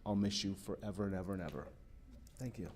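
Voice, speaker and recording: Halting man giving an emotional eulogy. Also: sits low, darkish tone, slight background noise. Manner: halting, emotional, with repeated words. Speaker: eulogist, sibling of the deceased. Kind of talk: funeral eulogy.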